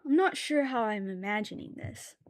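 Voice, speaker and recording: A young woman streaming while she draws, rambling and thinking aloud, with sudden loud, excited bursts. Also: fairly high pitch, normal speed. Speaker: art streamer. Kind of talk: casual live-stream chat while drawing.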